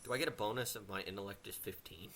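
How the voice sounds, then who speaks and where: Man, tabletop player, short laid-back replies, lowish voice, faint background noise. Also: quick pace. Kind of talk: casual chat during a tabletop game.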